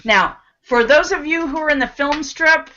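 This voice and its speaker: A cheerful woman leads a live laughter yoga session on a video call, her slightly high, bright voice coaching, cheering and breaking into laughs. She talks slowly and encouragingly. The sound is dull and lo-fi, like a streamed call. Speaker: host leading laughter yoga. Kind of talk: live online group session.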